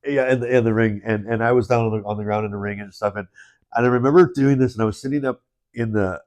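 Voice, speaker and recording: A man with a low, mellow voice co-hosts a podcast in relaxed, casual conversation. He rambles, restarts his sentences and chuckles along as he tells his stories. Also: fast. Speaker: podcast co-host. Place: indoors, in-person studio.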